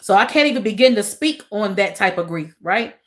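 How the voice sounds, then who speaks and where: Woman, livestream host; casual chat with viewers, soft and emotional, repeats lines. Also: medium pitch, expressive, a little fast. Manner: repeats phrases, talks to chat as y'all.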